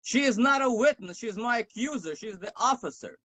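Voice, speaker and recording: Combative high-voiced man arguing in court. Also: lively intonation, fairly quick, bright, forceful tone, low-quality recording. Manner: combative, interrupting, insistent. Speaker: defendant in traffic court. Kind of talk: arguing his case.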